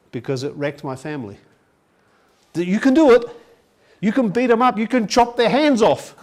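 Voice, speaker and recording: A man's voice: on the high side, a little mellow. A man giving an educational talk to an audience in a conference hall, telling family stories and acting out the dialogue. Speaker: education presenter.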